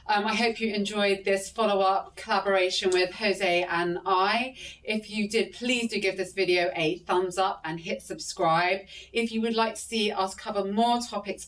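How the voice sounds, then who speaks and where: A woman hosting an interview, upbeat and quick to laugh. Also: medium pitch, fairly bright tone. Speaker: host. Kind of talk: casual interview. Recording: voice from a distance to the mic.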